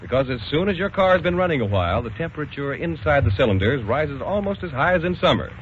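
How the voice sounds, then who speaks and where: A man's voice: a little high, sing-song, fast talker, a little hiss or hum. A man reading a scripted commercial in a folksy, persuasive way. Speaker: announcer. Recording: muffled old radio broadcast.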